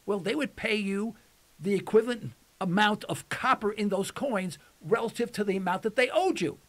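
High-voiced folksy radio talk host, a man. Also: moderate pace, a bit bright. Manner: folksy, emphatic, repeats phrases for effect. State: voice starting to go. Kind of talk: casual call-in radio talk.

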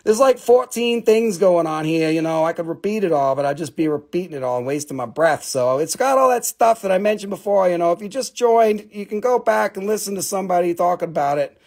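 A man runs a live mineral sale, cracking jokes and swearing as he rambles. His voice sits high with a gravelly fry. He comes across as a self-mocking jokester. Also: brisk, hardly any pauses, a little mellow. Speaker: live-stream mineral seller. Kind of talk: joking live sales banter.

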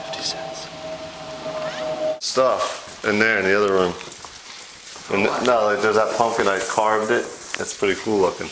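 A man's voice: on the low side, steady tone, normal speed. A young man filming a casual vlog on a handheld camera, teasing and joking with his partner. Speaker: vlogger. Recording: loud background noise.

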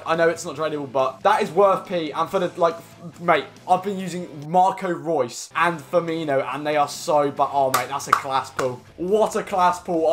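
A man's voice: a little high, a bit bright. Chatty young man, slangy and rambling. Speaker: gaming YouTuber. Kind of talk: casual pack-opening commentary.

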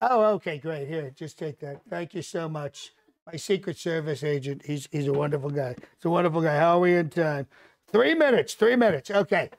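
Guy doing a bragging rambling old politician, high-pitched, keeps repeating himself. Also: moderate pace, lightly acted. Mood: boastful. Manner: bragging, repetitive, rambling asides. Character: boastful older male politician, blustering and rambling. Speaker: comedian hosting a live mock press conference. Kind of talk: live comedic impression.

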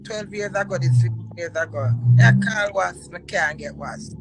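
A woman's voice: deep voice, moderate pace, creaky, very noisy. A middle-aged woman with a Jamaican accent, telling stories in a casual chat and repeating words as she goes. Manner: animated, repeats words while telling a story.

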